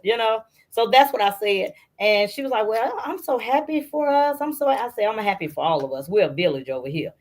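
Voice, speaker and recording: A woman's voice: mid-range voice, normal speed. A middle-aged woman, a guest on an interview, telling family stories casually and acting out her relatives' voices. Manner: animated storyteller who acts out family members' voices.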